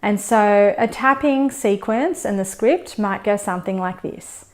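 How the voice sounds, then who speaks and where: Woman instructor, calm and steady, explains tapping points and scripts. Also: mid-range voice. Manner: calm, steady guidance, slowing down for demonstration scripts. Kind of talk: instructional demonstration.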